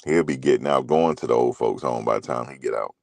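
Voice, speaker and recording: Very deep gravelly man, rambling. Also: quick pace, a little mellow, no room sound. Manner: loose, rambling storytelling with slang and profanity. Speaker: commentary show host. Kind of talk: casual commentary chat.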